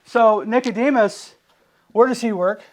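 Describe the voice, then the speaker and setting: This preacher's voice is very high-pitched, and he takes his time. In an easygoing sermon, he stays animated, asks his listeners rhetorical questions, and dramatizes what the people in his story said.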